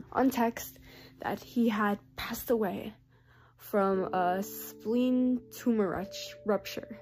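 Halting, tearful young woman telling a story. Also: on the high side, a little mellow. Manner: emotional, halting, many fillers and restarts. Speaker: podcast host. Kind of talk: personal storytelling podcast.

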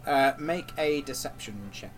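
A man's voice: fairly high pitch, a little slow, recorded from a distance, faint music behind. A man running a tabletop game as game master, narrating with lots of ums and "sort of". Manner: hesitant, many ums and "sort of".

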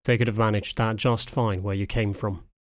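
Man voicing an old spaniel noble, curt, cold, dismissive, low voice, dry close sound. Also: level tone, moderate pace, no echo, close to an everyday voice. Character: aloof old male spaniel lord, blunt and cold. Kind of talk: audiobook character reading.

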